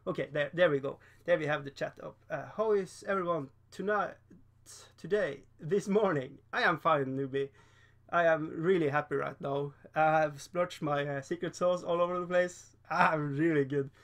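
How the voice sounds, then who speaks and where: A man's voice: a little high, normal speed, a bit bright. A man casually chatting on a painting livestream, rambling, laughing often and reading the chat aloud. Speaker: streamer painting miniatures.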